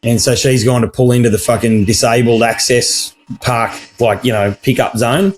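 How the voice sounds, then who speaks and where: A man's voice: medium pitch, moderate pace. An Australian man co-hosting a podcast, telling stories in a sweary, ranting way and acting out the people he quotes. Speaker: podcast co-host. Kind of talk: casual chat.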